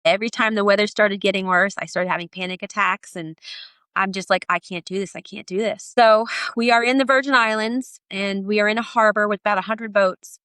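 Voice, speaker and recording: A middle-aged woman, a podcast guest, telling her story in a lively way and acting out the voices of the people in it. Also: mid-range voice, fairly quick, clean tone, no room sound. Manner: animated, acts out quoted voices. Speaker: podcast guest, sailor and author. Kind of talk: storytelling in an interview.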